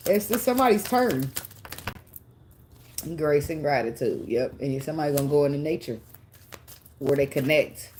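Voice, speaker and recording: Woman, tarot reader, laughs and swears, emotional, low voice. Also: warm tone, a little hiss or hum. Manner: chatty, laughs often, swears, gets emotional. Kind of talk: casual tarot reading.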